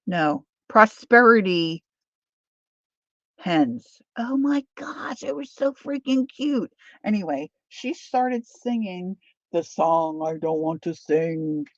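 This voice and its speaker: A woman's voice: medium pitch, creaky, no echo. A woman hosting a live crafting stream, rambling and poking fun at herself while she greets viewers by name. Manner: rambling, self-deprecating, chats with viewers by name. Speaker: craft livestream host. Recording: dull lo-fi sound.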